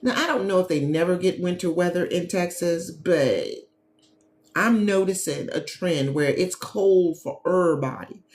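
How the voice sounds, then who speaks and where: A woman from the American Midwest who hosts a live travel talk show, chatting casually and warmly addressing her viewers as a travel agent and business coach. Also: fairly low pitch, normal speed, slight background noise. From Gary, Indiana, USA. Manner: chatty, animated, talks straight to viewers as "y'all". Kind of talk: casual livestream chat with viewers. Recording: echoey room with faint ambience.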